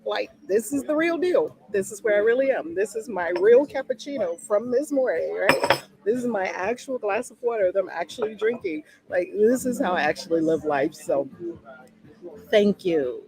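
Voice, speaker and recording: A woman's voice: medium pitch, lively intonation, moderate pace, a little mellow, poor audio. A woman with a mid-range voice leads a live daily spiritual lesson, heartfelt and effusive as she talks and reads a prayer. She speaks into a laptop's built-in mic.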